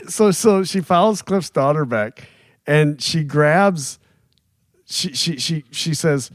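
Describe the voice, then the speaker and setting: A man co-hosting a podcast, telling stories with animated energy and frequent laughs. He is recorded close to the mic in a dry studio with no room echo. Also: fairly high pitch, a little slow. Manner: animated storyteller who laughs often and acts out quoted voices. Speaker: podcast co-host. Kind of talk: casual chat. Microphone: studio microphone, close.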